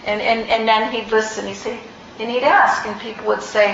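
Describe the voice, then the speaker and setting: A woman giving a dharma talk as a meditation teacher, reflective and unhurried, with frequent ums and restarts. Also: fairly high pitch, fairly even intonation, creaky, a crowd in the background. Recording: roomy, slightly dull recording.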